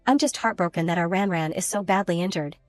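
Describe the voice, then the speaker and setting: A gentle, loving old grandmother, as a woman narrator reads her in a story recap. She speaks softly and tenderly. The sound is dry, with light music in the background. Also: on the low side, quick pace, no room sound, natural voice.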